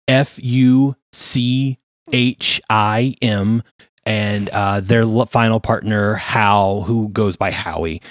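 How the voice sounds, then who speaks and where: A man running a tabletop game as game master, narrating in an unhurried, hesitant way with fillers. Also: mid-range voice, no echo, studio quality.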